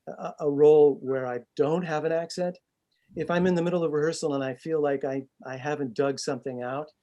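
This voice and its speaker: A man's voice: mid-range voice, darkish tone. A man, a stage actor, chatting in an interview over a video call, self-deprecating and full of restarts. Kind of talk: casual interview chat.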